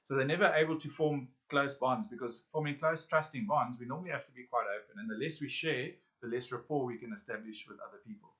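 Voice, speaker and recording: A man leads a self-help lesson and keeps turning to his listeners with questions and pauses. His voice sits at a middle pitch. The recording is muffled and lo-fi. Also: fairly bright tone. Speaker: workshop facilitator. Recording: dull lo-fi audio.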